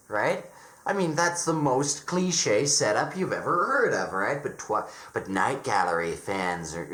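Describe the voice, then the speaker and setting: A man talks through a casual, opinionated review with plenty of sarcasm. His pitch bounces around expressively, and he keeps stammering and restarting phrases. The sound carries the echo of a bare room. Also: a bit bright. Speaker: horror reviewer.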